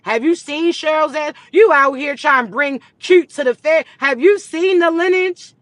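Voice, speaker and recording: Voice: high voice, normal speed, fairly bright tone, dry recording. A host of a spiritual reading channel delivering a profane, comedic rant to viewers, blunt and scolding, with teasing, mock-dramatic asides. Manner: blunt, scolding, heavy cursing.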